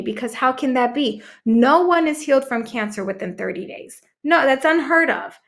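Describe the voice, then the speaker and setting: A woman in her thirties, a podcast guest, telling a personal story emphatically, with dramatic pauses. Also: a little high, pushed and bright. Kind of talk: storytelling in a conversation.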